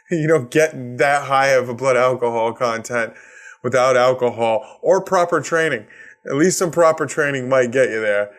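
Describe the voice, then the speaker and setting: A man from Massachusetts with a Boston accent, hosting a solo comedy podcast and ranting with heavy swearing and sarcasm. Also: mid-range voice. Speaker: podcast host.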